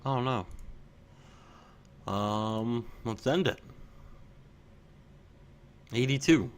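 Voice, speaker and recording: A man's voice: mid-range voice, very slow, a little hiss or hum. A man co-hosting, giving short, dry reactions. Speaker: co-host.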